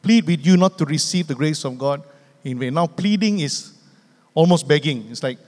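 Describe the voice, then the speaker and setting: A man, his voice pitched a little high. He repeats phrases for emphasis and calls for amens. The sound carries a long church-hall reverb. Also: normal speed, darkish tone. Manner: emphatic, repetitive preaching with calls for amen. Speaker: pastor. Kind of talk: sermon. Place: church sanctuary.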